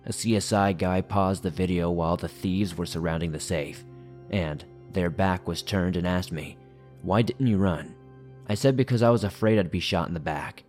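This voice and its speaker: A man with a very low voice reads a horror story aloud as the show's narrator. His delivery is steady and measured, and soft music plays faintly under his words.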